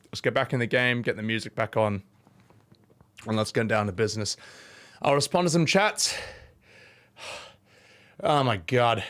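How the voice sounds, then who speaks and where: A man in his thirties, out of breath, chatting casually on his stream and shouting out thanks to his viewers. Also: on the low side, measured pace, pauses often. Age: 30s. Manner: breathless, thanking chat with loud shout-outs.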